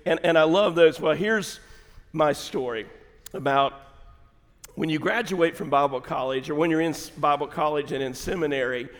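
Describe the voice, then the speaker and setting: A man preaching a sermon as pastor, telling folksy stories and building to emphatic, shouted points. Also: fairly high pitch, normal speed. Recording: long hall reverb.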